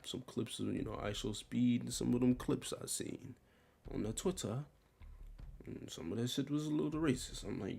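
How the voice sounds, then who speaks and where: A man's voice: mid-range voice, moderate pace, creaky, a little mellow, breathy edge. A young man giving casual, rambling commentary while ranking a tier list, in a slangy and offhand way.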